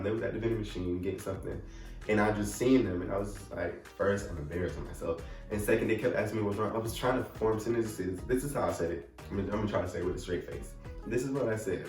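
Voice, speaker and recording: A young man tells a story about himself in a casual vlog, his fairly low voice bouncing around a roomy space. He sits a little back from the mic, and faint music plays underneath. He jumps into animated retellings of what he said and thought. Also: far from the mic. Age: young adult. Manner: animated, acts out his own panicked quotes.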